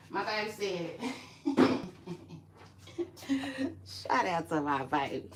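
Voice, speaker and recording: Animated, slow-talking woman vlogger. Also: on the low side, slight background noise. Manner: animated, profane and chatty, addresses viewers directly. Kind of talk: casual chat to camera.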